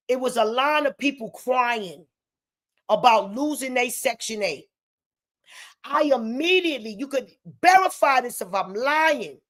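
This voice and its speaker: A woman from the United States, ranting heatedly to the camera at home and swearing freely, her voice rising into shouts. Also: fairly high pitch. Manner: heated, profane, breaks into shouting. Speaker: vlogger. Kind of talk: angry direct-to-camera rant. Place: home in the Bronx.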